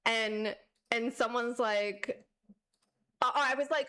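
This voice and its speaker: A young woman streamer telling a story as a sarcastic, animated rant, laughing often. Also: a little high, measured pace. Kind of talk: casual ranting storytelling.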